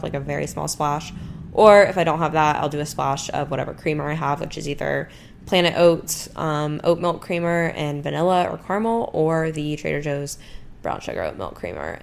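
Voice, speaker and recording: Young woman, low voice with vocal fry, chatty vlogger with lots of fillers. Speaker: lifestyle vlogger. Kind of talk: casual chat.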